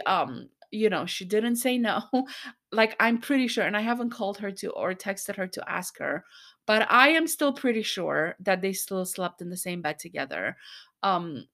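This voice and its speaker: Frustrated and fired up, a woman hosting a podcast unloads on her listeners in a personal monologue. Her medium-pitched, slightly bright voice comes out in bursts, punctuated by quick asides.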